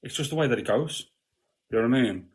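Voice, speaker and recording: A man's voice: medium pitch, animated, fast talker. A man, a podcast guest in casual spiritual conversation, blunt and swearing freely, often asking "you know what I mean".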